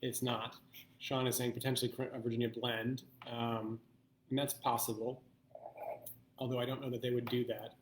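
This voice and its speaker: A man hosting a live online blind wine tasting, thinking aloud in an unhurried way and pausing often to weigh his options. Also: medium pitch, little pitch movement, roomy sound, slight background noise. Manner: thoughtful, thinking aloud with pauses.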